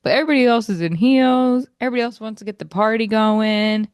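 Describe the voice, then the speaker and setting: A woman's voice: on the high side, quick pace, darkish tone, smooth, dry recording. A woman co-hosting a casual podcast chat, mocking people with playful impressions and lots of likes. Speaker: podcast co-host.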